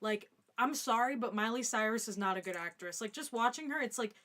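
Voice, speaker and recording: A woman's voice: fairly high pitch, a little fast, a bit bright. A woman co-hosting a live fan Q&A stream, giving blunt, opinionated answers in a casual way. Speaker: co-host.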